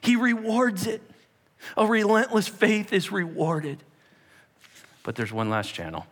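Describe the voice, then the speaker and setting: A man preaching a sermon in an animated way, acting out scenes in many voices. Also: high voice, measured pace. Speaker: pastor. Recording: long hall reverb.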